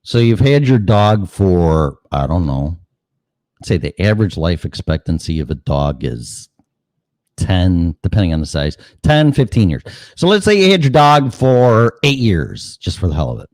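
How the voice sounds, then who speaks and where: A man's voice: deep voice, very animated, moderate pace, darkish tone, no echo. A man hosting a show in a casual, rambling monologue, cursing freely and asking rhetorical questions. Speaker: show host.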